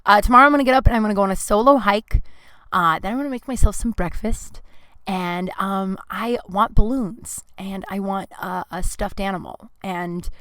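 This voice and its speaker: A woman's voice: mid-range voice, normal speed, fairly bright tone, no room sound. A woman hosting a podcast, speaking in a personal confessional monologue, emotional and at times crying, with many "like" fillers. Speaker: podcast host. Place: closet at home.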